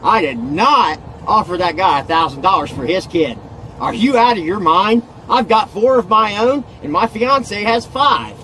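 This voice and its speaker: Agitated man, high voice, rambling self-filmed rant with light background hiss. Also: expressive, moderate pace, pushed and bright, rough recording. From Indiana. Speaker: arrested man ranting on video.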